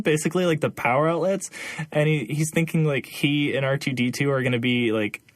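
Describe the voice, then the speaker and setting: A young man co-hosts a podcast in an easy, chatty way. His voice sits at an ordinary middle pitch, he drops in plenty of fillers, and he laughs often. The recording is dry and close. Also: no room sound. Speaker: podcast co-host. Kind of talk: casual chat.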